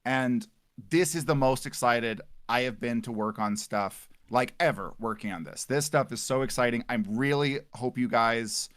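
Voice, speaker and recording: A man's voice: mid-range voice, normal speed, fairly bright tone, dry recording, clean studio sound. A man joining a livestream as a longtime collaborator, speaking hesitantly with many fillers and earnest thanks. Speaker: longtime collaborator and guest on the stream. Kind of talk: casual livestream chat.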